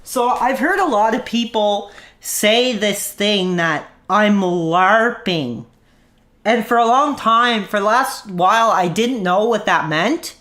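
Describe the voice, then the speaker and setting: A man's voice: sits high, animated, slow pace, pushed and bright. A man streaming an angry rant into his own mic, swearing, mocking and then apologizing for his language. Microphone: own desk mic.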